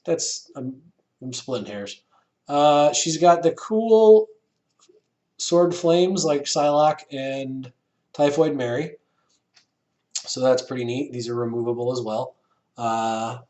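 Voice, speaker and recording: A man casually reviewing an action figure, relaxed and rambling, with many fillers. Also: mid-range voice.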